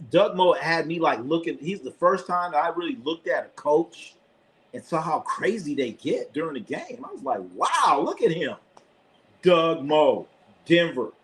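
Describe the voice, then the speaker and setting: Excitable man calling a game live. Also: mid-range voice, poor audio. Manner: excitable, shouts at players, casual swearing. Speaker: sports streamer and live commentator. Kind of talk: live play-by-play commentary and casual sports chat.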